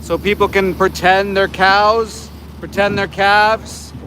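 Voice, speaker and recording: In a slow, level, high-pitched voice, a Canadian man in his forties livestreams by phone from a road outside a slaughterhouse. He's an animal rights activist ranting with indignation and shouting at truck drivers, while traffic and trucks go past.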